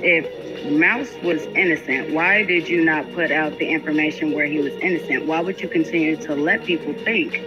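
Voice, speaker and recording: A woman caller speaks in a halting, hesitant way, stopping on fillers as she builds her questions. Her voice sits at an ordinary pitch in dull, lo-fi stream audio, with music clearly audible behind her. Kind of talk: call-in conversation.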